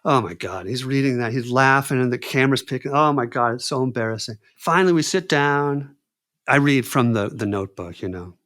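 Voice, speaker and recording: Telling a story as a guest on a podcast, this man speaks briskly in a mid-range voice. He's animated and casual, voices the dialogue of the people he quotes, and leans often on "dude" and "man."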